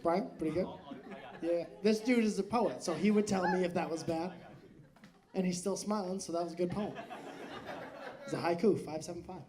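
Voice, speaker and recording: Working the crowd on a live stage, a male stand-up comic jokes loosely, swearing and laughing a lot. He has a high voice, a moderate pace, and frequent pauses, captured in a noisy live club recording.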